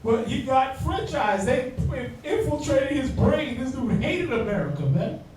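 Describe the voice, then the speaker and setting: High-voiced man teaching in echoey room. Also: big pitch swings, measured pace, a little mellow, far from the mic, soft background music. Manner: slangy, joking, talks straight to the class. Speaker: Bible class teacher. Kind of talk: informal Bible class teaching.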